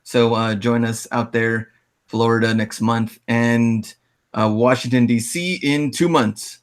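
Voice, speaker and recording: Chill guy co-hosting a reseller chat, laughs a lot, quick asides. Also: medium pitch, steady tone. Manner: laid-back, laughs often, quick asides. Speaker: podcast co-host. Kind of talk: casual chat.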